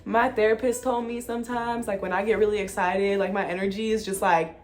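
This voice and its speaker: A young woman vlogging to camera in a casual, excitable way, full of slang, swearing and "like". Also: mid-range voice, fairly quick. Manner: excitable, slangy and profane, with frequent "like" fillers. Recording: faint music behind.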